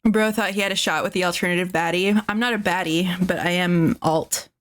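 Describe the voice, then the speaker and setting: A woman's voice: fairly low pitch, fairly even intonation, brisk. Sarcastic, foul-mouthed young woman streamer. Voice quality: profane, rambling, sarcastic. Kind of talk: casual chat with live chat.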